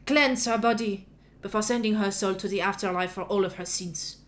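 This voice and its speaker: A woman voicing a stern female archbishop who passes judgment in formal, measured pronouncements. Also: mid-range voice, fairly even intonation, close to an everyday voice. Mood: solemn.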